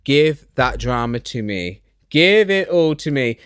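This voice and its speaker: A man ranting excitedly while recapping reality TV in a small home studio, swearing and dramatic. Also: medium pitch, slow pace, smooth, dry recording.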